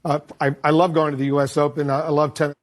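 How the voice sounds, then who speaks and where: A man, a news anchor, putting brisk questions in a TV interview. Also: on the high side, flat delivery, a little hiss or hum.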